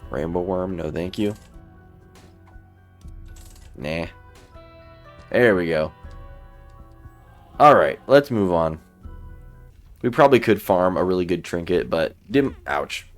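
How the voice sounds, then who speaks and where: Deep-voiced man narrating his gameplay. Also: takes it slowly, long pauses, faint music behind. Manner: relaxed, thinking aloud while playing. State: sleepy, yawning. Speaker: gaming YouTuber. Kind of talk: let's play commentary.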